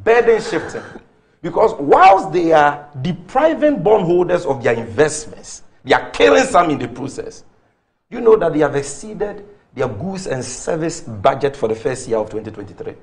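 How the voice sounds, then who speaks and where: Very animated and on the high side in pitch, a Ghanaian English-accented commentator debates politics on a talk show at a moderate pace. He keeps throwing out rhetorical questions and statistics.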